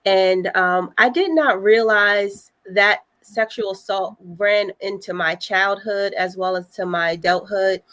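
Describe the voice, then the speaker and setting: Young woman, hesitant, soft-spoken, frequent pauses, mid pitch, personal testimony. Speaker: panel guest sharing survivor story.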